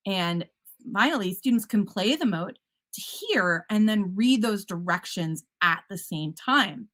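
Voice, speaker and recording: A woman's voice: medium pitch, expressive, a little slow, fairly bright tone. A woman teacher giving a conference presentation, upbeat and enthusiastic, with casual fillers and self-corrections. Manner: upbeat, enthusiastic, a bit punny.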